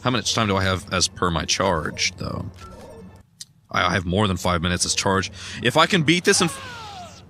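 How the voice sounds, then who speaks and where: A young man chatting casually while he plays a video game, self-deprecating and given to sudden excited yelps. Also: deep voice, moderate pace, long pauses, a little hiss or hum. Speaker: gaming streamer. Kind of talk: casual rambling gameplay commentary.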